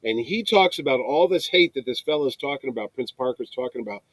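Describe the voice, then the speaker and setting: Animated man retelling stories. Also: medium pitch, a little fast, no echo, poor audio. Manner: animated retelling, acts out quotes. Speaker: podcast co-host. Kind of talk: casual chat, storytelling.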